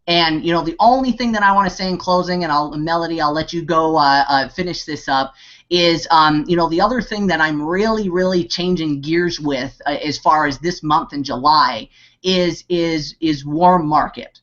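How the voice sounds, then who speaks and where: A man's voice: fairly high pitch, normal speed, fairly bright tone, dull audio. A man giving an impassioned motivational talk on an online hangout, rambling with lots of "you know", fillers and restarts. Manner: rambling, heavy on 'you know' and fillers, restarts; impassioned and pep-talking. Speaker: network marketing team leader.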